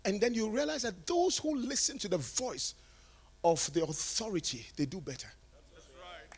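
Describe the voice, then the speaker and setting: A male preacher giving a sermon, moving from quiet talk to shouted, sing-song preaching. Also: high voice, animated, normal speed, slightly rough. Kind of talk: sermon at a conference.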